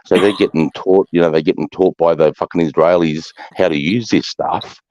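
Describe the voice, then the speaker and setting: Very deep aussie bloke swearing and ranting, dry dull lo-fi sound. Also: male voice, fairly even intonation, fairly quick, no echo. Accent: Australian. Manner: swearing, ranting, heats up into loud outbursts. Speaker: live chat regular. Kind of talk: casual chat.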